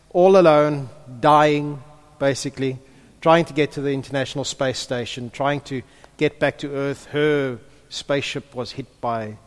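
A man in the role of pastor, praying softly and then preaching with emphasis. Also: medium pitch. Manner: hushed in prayer, then lively and emphatic preaching. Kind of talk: prayer and sermon. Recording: long reverb of a large hall.

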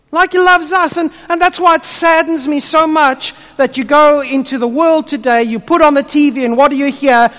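A man delivers a sermon in a high voice. He preaches with animation and softens his voice to tell a story. The sound carries the long reverb of a church hall. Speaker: pastor.

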